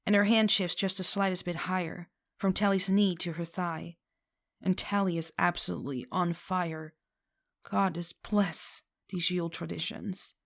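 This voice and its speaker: A woman reads a fan fiction story aloud with a lowish voice. She reads expressively, slipping into voices for the characters. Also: steady tone, measured pace, gravelly. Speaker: reader.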